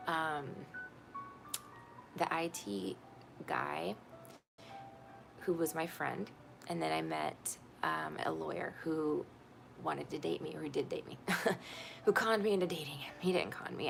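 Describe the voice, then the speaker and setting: A woman's voice: sits low, vocal fry. A woman telling her own story in casual talk, candid and profane, often laughing.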